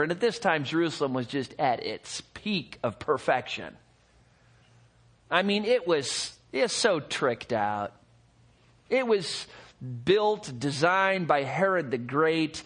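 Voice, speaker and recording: A man preaching a sermon as pastor, expressive, rising to excited peaks and dropping to hushed low passages. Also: measured pace.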